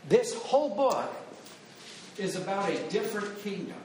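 A man's voice: high-pitched, big pitch swings, moderate pace, slight background noise. A man preaching a sermon to a room, teaching earnestly and quoting scripture with emphatic repetition. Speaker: pastor. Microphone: wired handheld or lapel mic. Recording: echoey room with faint ambience.

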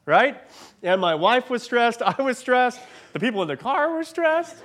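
A man in his forties preaches in a high, light voice. He tells a personal story in a chatty, self-deprecating way and laughs as he goes. He sounds a bit congested from allergies. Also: very animated, measured pace, a bit bright. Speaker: pastor.

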